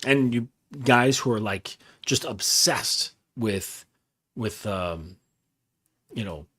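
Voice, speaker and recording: A man's voice: lowish voice, expressive, takes it slowly, a bit bright, husky. A man giving a casual coaching monologue, talking loosely with lots of fillers and swearing. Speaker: dating and masculinity coach.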